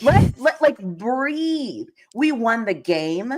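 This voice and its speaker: A woman hosting a live football recap show, talking as an excited, ranting fan who laughs often. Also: on the high side, very slow. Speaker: podcast host. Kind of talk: live sports recap chat.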